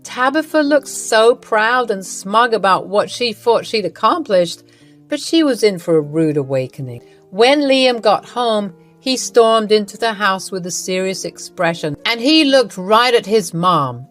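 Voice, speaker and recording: A woman's voice: medium pitch, lively intonation, measured pace, faint music behind. A woman narrating a first-person family story in a scripted, amused, conspiratorial way.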